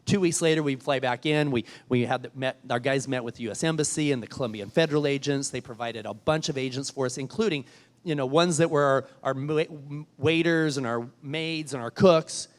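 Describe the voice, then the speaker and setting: A man's voice: medium pitch, fairly quick. A man giving a storytelling keynote speech, earnest and emphatic, often repeating words as he restarts a thought. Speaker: keynote speaker. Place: large event hall. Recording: long hall reverb.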